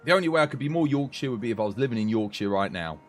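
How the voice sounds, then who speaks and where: A young British man chats loosely with his livestream viewers, drifting from one aside to the next with casual swearing. His voice sits at an ordinary middle pitch, and faint music plays underneath. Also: lively intonation, rapid-fire. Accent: British English. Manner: chatty and rambling, swears casually. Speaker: game streamer chatting with viewers.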